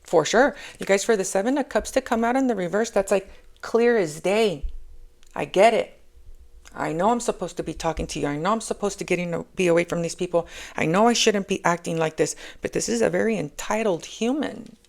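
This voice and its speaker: A woman's voice: mid-range voice, a little fast, vocal fry, darkish tone. A woman giving a casual spoken tarot reading. She rambles, repeats herself and keeps checking in with "okay?". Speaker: tarot reader.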